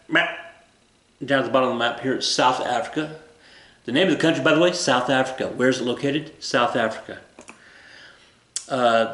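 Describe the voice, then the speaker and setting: His voice is medium in pitch with a fairly bright tone as he teaches a relaxed history class. The camera-mic recording carries a roomy echo, and his delivery is rambling, humorous and full of self-corrections.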